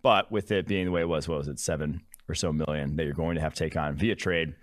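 A man with a very low voice co-hosting a sports podcast. He talks in a relaxed, wry way and lays out his analysis in detail. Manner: wry, analytical, quick to explain. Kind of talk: casual sports podcast chat.

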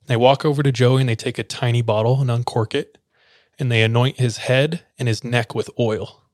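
A man's voice: mid-range voice, steady tone, normal speed, a little mellow, no echo, studio quality. A man telling a story in a loose, conversational way, full of filler words, acting out what people said. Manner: loose and conversational, many filler "like"s, acts out quoted lines. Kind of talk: casual spoken storytelling.

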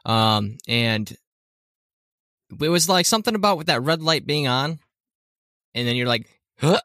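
A man's voice: medium pitch, expressive, measured pace, pushed and bright, no echo, clean studio sound. A man co-hosting a podcast in casual chat, rambling and correcting himself, often laughing. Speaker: podcast co-host.

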